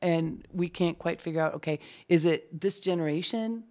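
A woman's voice: on the low side, moderate pace, darkish tone. A middle-aged woman with a light Minnesotan accent, chatting casually as an interview guest and thinking aloud with fillers and restarts. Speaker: closed captioner, guest.

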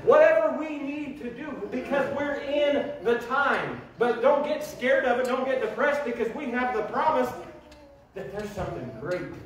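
A man preaching a sermon as pastor, in a folksy, humorous, animated way. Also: extremely high pitch, moderate pace. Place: church sanctuary. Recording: very echoey church room from a distant mic, faint noise.

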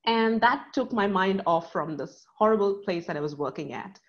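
A woman's voice: medium pitch, lively intonation, lo-fi sound. A woman, telling a personal story on stage in an earnest, paced way. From South India. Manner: earnest, dramatic pauses.

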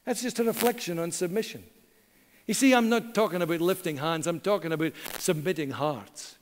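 A middle-aged man preaching a sermon as pastor, earnest, slowing down and pausing for emphasis. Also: fairly high pitch, slight background noise. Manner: earnest, dramatic pauses, slows for emphasis. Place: church hall. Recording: long church reverb.

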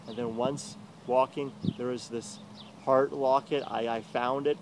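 A man's voice: mid-range voice, fairly even intonation, unhurried, background noise. A young man in an emotional confessional rant, agitated and profane, rambling and swinging between muttering and outbursts, recorded outdoors in a city.

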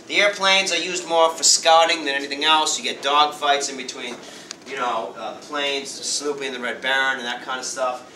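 Lively man lecturing in a roomy classroom. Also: a little high, a little hiss or hum. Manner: lively, acts out quick voices of nations and leaders. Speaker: high school history teacher. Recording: roomy classroom sound from far off.

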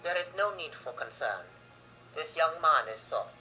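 A gamer reading a video game cutscene aloud, voicing a gruff, steady old army general in a deliberately bad old-man accent. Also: mid-range voice, low-quality recording. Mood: reassuring. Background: game music.

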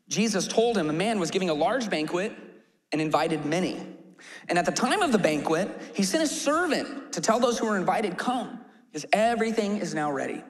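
A man preaching a sermon as pastor, telling a parable in an animated way and shouting out rhetorical questions. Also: high voice. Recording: live sermon with long hall reverb.

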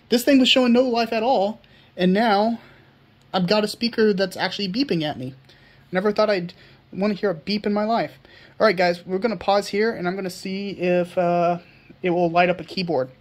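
Chatty woman vlogging a repair. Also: lowish voice. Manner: chatty, thinking aloud, frequent restarts. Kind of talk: casual vlog narration.

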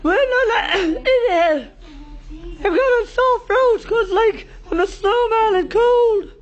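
A woman voicing a lovesick male snowman hunting for his sweetheart, whiny and excitable, in a homemade toy play. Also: very high voice, takes it slowly. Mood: excited, loving. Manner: whiny, excitable, chattering to toys. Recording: dull lo-fi home video.

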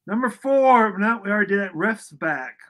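A man's voice: sits high, expressive, moderate pace, bright, forceful tone. A man co-hosting a casual football fan show, joking around with slangy banter. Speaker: co-host.

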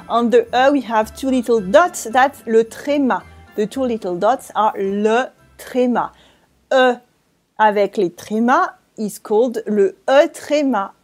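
A French-accented woman gives a lesson to camera. Her voice sits somewhat high, and she takes her time, repeating each word slowly so learners can follow. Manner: slow, careful, repeats words for drill. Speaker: French teacher.

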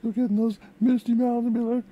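A woman voicing an excitable female puppet who hosts a music reaction vlog, gushing and exclaiming with lots of repeated words. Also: fairly high pitch, quick pace, phone-quality sound, natural voice. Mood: excited. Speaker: reaction video host.

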